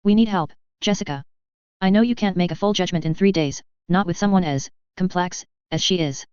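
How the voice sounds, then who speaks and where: A woman's voice: on the low side, fairly quick, darkish tone, smooth, no echo, highs cut off, natural voice. A woman reading as an earnest armored hero leader. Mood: urgent.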